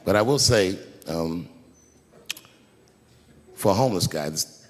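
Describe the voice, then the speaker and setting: A man doing a stand-up comedy routine, telling his story in a lively way that swings from hushed asides to shouted punchlines. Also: low voice, measured pace. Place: large theater stage before a live audience. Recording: roomy hall with loud crowd noise.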